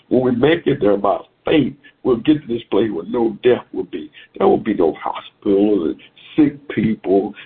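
Gravelly preacher over a phone line. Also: male voice, on the low side. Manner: repetitive, exhorting, sing-song preaching cadence. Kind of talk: sermon over a phone call.

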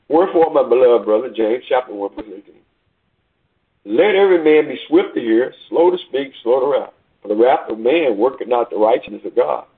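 A man with a very husky, rough voice delivers a rhythmic sermon, reading scripture aloud and pausing to ask rhetorical questions. The sound is thin and phone-like, as if heard on a call into the church service. His pitch sits in a middling range for a man. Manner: reads scripture aloud in old-fashioned wording. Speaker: preacher. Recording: tinny phone line.

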